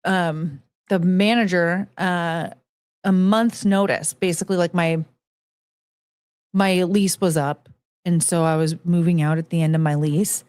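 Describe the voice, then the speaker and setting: A woman's voice: fairly low pitch, steady tone, a little slow, a little mellow, smooth, dry recording. A woman hosting a podcast, telling stories in a rambling, frank way with lots of fillers and restarts. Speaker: podcast host. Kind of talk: casual monologue about past jobs.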